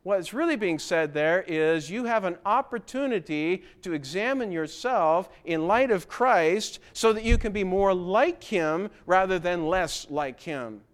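Male preacher with a high-pitched voice, earnest and exhorting, putting pointed questions to the congregation. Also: animated, unhurried, few pauses. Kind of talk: sermon.

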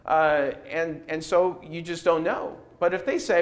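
A man's voice: a little high, fairly even intonation, unhurried, hardly any pauses. A man teaching a Bible class who poses rhetorical questions and acts out quoted replies.

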